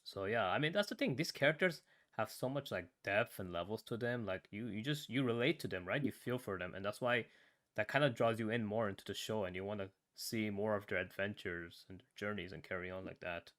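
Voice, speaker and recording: A man in a casual podcast review chat, retelling a story with animated asides and acted-out lines. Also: lowish voice, a little fast. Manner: animated retelling, acts out lines in other voices; casual, uses "man" and "right?" often. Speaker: podcast panelist.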